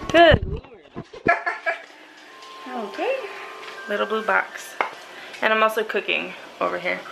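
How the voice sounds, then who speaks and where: A woman filming a casual home vlog on a handheld camera in her kitchen, excitable and gushing, tumbling over her own exclamations. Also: medium pitch, slow pace, gravelly, over loud music, low-quality recording. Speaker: vlogger.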